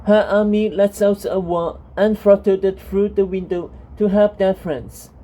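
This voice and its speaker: A woman narrating a fantasy storybook in a calm, steady reading voice. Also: mid-range voice, poor audio.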